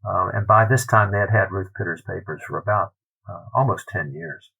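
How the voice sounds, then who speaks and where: Bright, husky scholar storytelling. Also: male voice, deep voice, a little fast, lo-fi sound. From United States. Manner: animated, anecdotal, acts out quotes. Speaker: literary scholar guest. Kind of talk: storytelling in a podcast interview.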